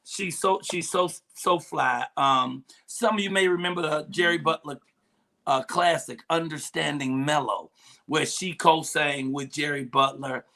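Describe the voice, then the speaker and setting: A man hosting a live talk show, lively and playful, hyping guests to the audience. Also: a little high, unhurried, creaky. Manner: hype, animated, playful repeats. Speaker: host.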